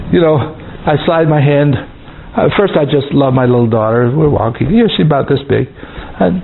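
A man preaching an informal sermon in a conversational way, repeating words and reading scripture verses slowly. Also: fairly high pitch, vocal fry. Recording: tinny phone-like sound with faint hiss.

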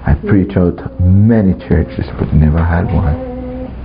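Animated preacher man, dull lo-fi recording. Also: low voice, slow, vocal fry. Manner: laughs often, acts out quoted voices. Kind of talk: storytelling sermon. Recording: dull lo-fi recording, faint background.

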